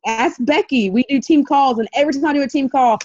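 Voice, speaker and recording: A woman's voice: high-pitched, quick pace, highs cut off. A woman, a mother on a team video call, joking in a casual chat about her kids. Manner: joking, animated when telling stories.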